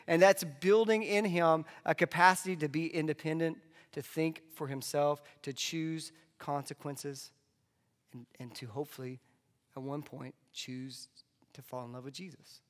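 A man delivering a conversational sermon as a pastor, dropping into soft asides. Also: a little high, fairly even intonation, measured pace. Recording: long hall reverb.

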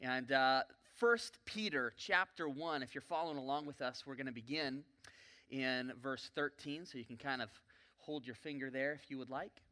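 A man preaching a sermon in a church, telling a story vividly with joking asides and sudden swings between loud and soft. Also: mid-range voice, moderate pace. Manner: folksy, joking asides to the congregation. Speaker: pastor. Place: church sanctuary.

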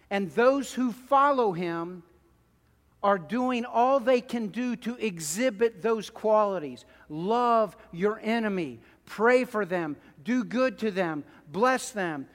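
A man preaching a sermon in a church, telling stories in an animated, emphatic way. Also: high voice, in a large hall. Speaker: pastor. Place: church sanctuary.

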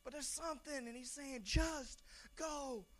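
A young man preaching a sermon in a church, talking conversationally, stumbling over repeated words and now and then shouting lines for emphasis. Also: very high-pitched, unhurried. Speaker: pastor.

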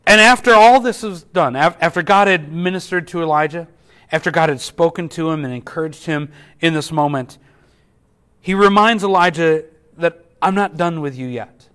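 A man's voice: a little high, moderate pace, clear, resonant tone. A man preaching a sermon as a pastor, earnest, often repeating words as he restarts. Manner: earnest, repeats words at restarts, drops softly for quoted whispers.

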